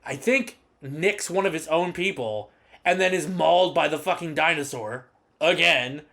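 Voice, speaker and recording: Male podcast co-host, high-pitched and animated, swears freely while recapping. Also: moderate pace, creaky. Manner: profane, animated, mocking quotes in high put-on voices. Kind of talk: casual recap chat.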